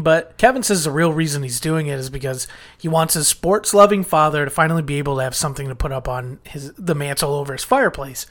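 A man talks through a sitcom episode in a relaxed, conversational recap. His voice sits a little higher than most men's. He retells scenes and quotes the characters as he goes. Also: fast talker. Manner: chatty, retelling scenes with quoted lines and small restarts. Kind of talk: casual recap commentary.

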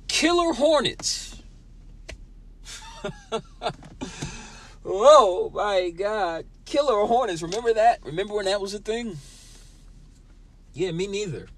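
A young man hosting a podcast, ranting with lots of swearing and talking straight at his listeners in a sour, angry mood. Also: high-pitched. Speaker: podcast host. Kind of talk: profane solo podcast rant.

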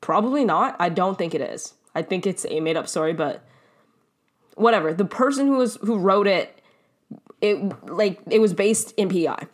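A woman's voice: medium pitch, animated, moderate pace. A young woman from Canada hosting a solo podcast, telling stories in a chatty, rambling way with frequent laughs and casual swearing. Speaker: podcast host.

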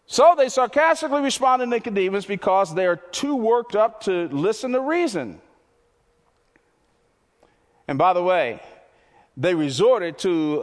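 A man preaching a sermon as pastor, impassioned and repetitive, his voice climbing toward near shouts. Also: high-pitched, in a large hall.

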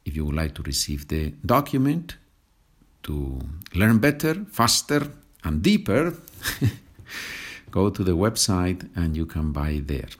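A low-pitched man with a Spanish accent teaches a language lesson. He speaks slowly and patiently and sets each example sentence apart with care. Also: big pitch swings. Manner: slow and patient, switching between English and Spanish example sentences.

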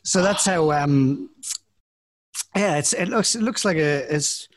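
A man's voice: fairly high pitch, slow. An Irish man co-hosting a podcast, chatting casually about a film, with frequent restarts and laughing asides. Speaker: podcast co-host. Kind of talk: casual chat.

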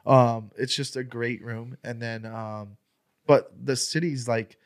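A man's voice: medium pitch, slow pace. A young man, a stand-up comedian, talks through an anecdote in loose, casual podcast chat. He swears freely and acts out each exchange in a raised, heated voice, then drops back to an easy conversational tone. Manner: profane, animated, acts out quotes in raised voice.

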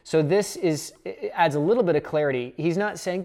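A Bible study teacher leads a casual lesson, talking through each point in a relaxed, conversational way. The delivery sounds unscripted, with the teacher working out thoughts aloud while explaining the passage. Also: medium pitch, fairly quick.

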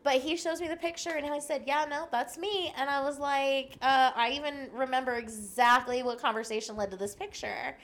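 Guesting on a podcast, this young woman has a high voice and a moderate pace with hardly any pauses. Her storytelling chat is lively and full of laughter, and she performs the quoted lines of each character.

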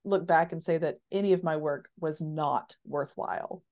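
A woman hosting a casual interview, enthusiastic and quick to laugh. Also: deep voice, fairly even intonation, darkish tone. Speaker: podcast host.

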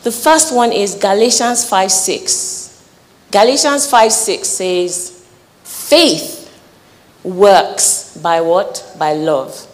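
Woman preacher, earnest conversational sermon, mid-pitched voice, long echoing reverb. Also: extremely slow. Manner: earnest, conversational teaching with lively acted asides.

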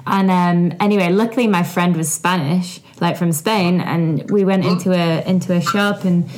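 A woman's voice: lowish voice, fairly even intonation, moderate pace. A woman chatting on a podcast, telling stories with lots of "like" and "um". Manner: chatty storyteller, filler "like" and "um". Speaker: podcast co-host. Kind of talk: casual podcast chat.

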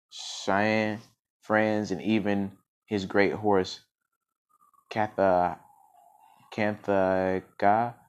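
Deep-voiced man reading slowly. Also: clean tone, lo-fi sound. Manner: stumbling reading with frequent restarts and self-corrections. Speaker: podcast storyteller. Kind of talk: reading a story aloud with asides.

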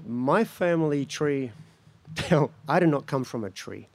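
A man from Australia giving a personal spoken-word talk at a gathering, reflective and slow, breaking into laughter between phrases. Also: mid-range voice, lively intonation, no room sound. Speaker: speaker at a gathering.

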